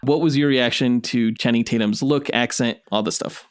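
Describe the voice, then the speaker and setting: A man in the middle of his range, talking loosely on a podcast. He jokes and swears freely, his voice jumping up when excited. The sound is dry and close to the mic. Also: mid-range voice, normal speed, clear, resonant tone, no echo. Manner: excitable, profane, jokey. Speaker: podcast co-host. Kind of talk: casual chat.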